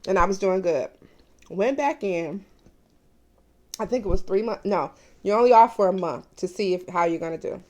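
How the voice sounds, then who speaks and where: A woman's voice: medium pitch, moderate pace, long pauses, a little mellow. Candid woman in her forties. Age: 40s. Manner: candid and confiding, addressing viewers as "you guys". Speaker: mukbang vlogger. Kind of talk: casual personal vlog talk.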